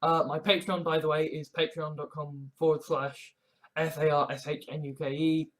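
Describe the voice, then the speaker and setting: A woman's voice: low voice, level tone, normal speed, rough recording. Woman vlogger, profane and sarcastic, ranting in loose digressive asides. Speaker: YouTube creator. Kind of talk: ranting vlog monologue.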